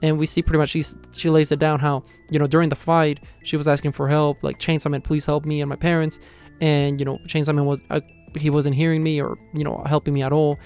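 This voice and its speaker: A man talks quickly in a slightly higher voice, recapping a manga chapter in a loose, rambling way and leaning on "you know" again and again. Faint music plays underneath. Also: little pitch movement, darkish tone, clean tone. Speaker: manga reviewer.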